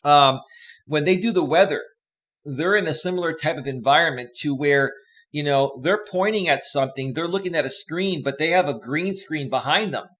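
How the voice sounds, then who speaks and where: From a home green-screen setup with a desk microphone, a man from Northern California hosts a relaxed live stream, reading out viewer comments in an upbeat, rambling way. His voice is a little high, fairly bright, and moderately paced.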